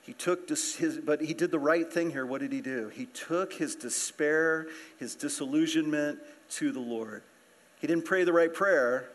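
A man's voice: on the high side, moderate pace. A man preaching a sermon, explaining the verses in a conversational way and asking his listeners questions. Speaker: pastor.

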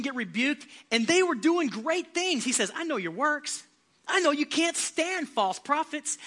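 A male pastor preaching a passionate sermon, building to loud, emphatic shouts. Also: extremely high pitch.

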